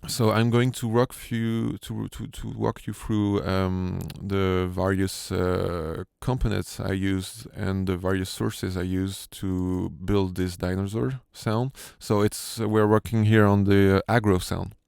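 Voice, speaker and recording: Slow, gravelly French-accented man. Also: low voice, little pitch movement, darkish tone, dry recording, studio quality. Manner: hesitant, many fillers and restarts. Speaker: sound designer. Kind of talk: tutorial walkthrough. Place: home studio.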